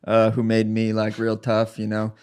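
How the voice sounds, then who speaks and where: A man's voice: on the low side, completely flat delivery, moderate pace, darkish tone, clear, resonant tone. A man in his thirties, a guest on a studio podcast, talking in a modest, rambling way with lots of fillers. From United States. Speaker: guest fighter. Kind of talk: casual podcast chat.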